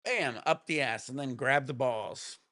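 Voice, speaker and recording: A man hosting a casual livestream, with laid-back, rambling chat and quick laughs. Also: mid-range voice, pushed and bright, dry recording, clean studio sound. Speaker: livestream host.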